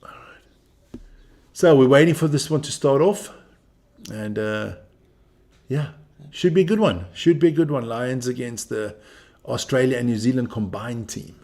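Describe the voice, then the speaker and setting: A man's voice: medium pitch, a little slow, pauses often, a little mellow. A man hosting a live stream as he watches a rugby match, joking, swearing and chatting with viewers and with people in the room. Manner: brash, profane, joking banter.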